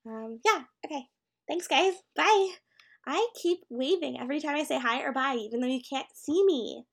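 At home, a young woman with a high-pitched voice and vocal fry casually answers a questionnaire as an amateur audio creator. She speaks at a moderate pace, rambling and hesitant, using many filler words.

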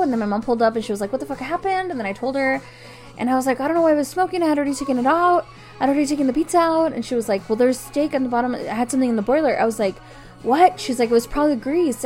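A young woman telling a casual story to her viewers, swearing freely and acting out voices and sounds. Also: mid-range voice. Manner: animated, swearing, acts out voices and alarm beeps. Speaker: vlogger.

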